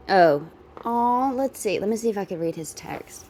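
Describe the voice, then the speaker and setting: A woman's voice: medium pitch, lively intonation, normal speed, mellow, a little hiss or hum. A woman giving casual, chatty reaction commentary, often exclaiming and laughing. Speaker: reaction vlogger.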